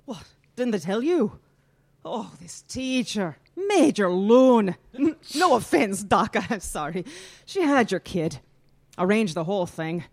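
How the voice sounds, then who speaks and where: A brash, talkative police lieutenant, as an actor plays him in an audio drama. He swings his pitch up and down a lot and spins his account in a breezy, slangy manner. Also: very animated, measured pace, darkish tone.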